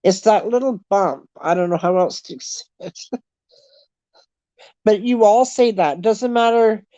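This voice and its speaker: A middle-aged Canadian woman with a Canadian accent hosts a livestream, chatting casually with viewers, telling stories and laughing a lot. Her mid-range voice is mellow, recorded with no echo and with the highs cut off.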